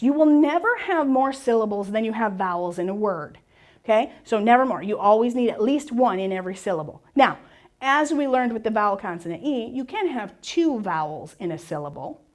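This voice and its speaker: A woman teaching a class on spelling and syllable rules, encouraging and asking questions she answers herself. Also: a little high. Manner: lively, encouraging, asks and answers her own questions.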